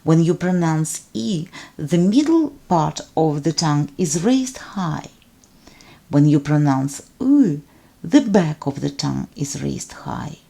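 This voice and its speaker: Slow, low-voiced woman teaching pronunciation. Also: very animated, vocal fry, dark tone. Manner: deliberate, enunciates sounds for repetition. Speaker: language teacher. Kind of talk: slow instructional narration.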